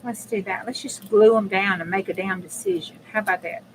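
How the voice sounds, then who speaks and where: A woman's voice: mid-range voice, steady tone, fairly quick, slight background noise, low-quality recording. Woman, crafting livestream host; blunt, casual cussing, chats right to viewers. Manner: chatty and blunt, swears casually, talks to viewers. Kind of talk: casual live crafting chat.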